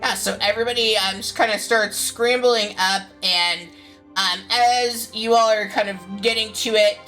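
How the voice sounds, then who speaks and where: A woman's voice: fairly high pitch, fairly even intonation, moderate pace, pushed and bright, faint music behind, low-quality recording. A woman narrating as game master of a tabletop game, loose and rambling with lots of fillers.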